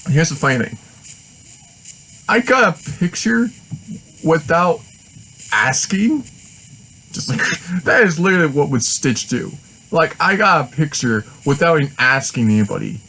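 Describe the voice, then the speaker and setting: Brief man for a casual home vlog, chatty, rambling and excitable. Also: medium pitch, low-quality recording. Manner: rambling and excitable, with frequent restarts and laughs. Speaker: vlogger.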